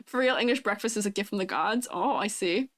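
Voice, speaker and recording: A woman's voice: mid-range voice, normal speed, a bit bright. A woman in her twenties chatting casually on a live stream, bubbly and giggly as she reads and answers chat. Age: 20s. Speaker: vtuber streamer.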